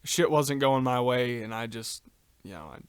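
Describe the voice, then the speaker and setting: A man's voice: mid-range voice, expressive, moderate pace, smooth, no echo. A man co-hosting a casual podcast, telling a long story with lots of ums and uhs and casual swearing. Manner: rambling, many ums and uhs, swears freely. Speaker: podcast co-host.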